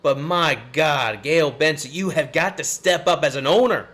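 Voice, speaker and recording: A man in his thirties with a drawl and a slightly high voice. He rambles through a frustrated rant on a live stream, sighing and restarting often, with a curse slipping out now and then. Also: moderate pace, a bit bright. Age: 30s. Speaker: podcast host.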